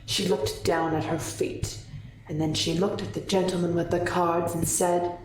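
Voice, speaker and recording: Slow, low-voiced woman storyteller. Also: flat delivery, slight background noise. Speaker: player narrating her character's backstory. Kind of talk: storytelling narration. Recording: roomy distant mic.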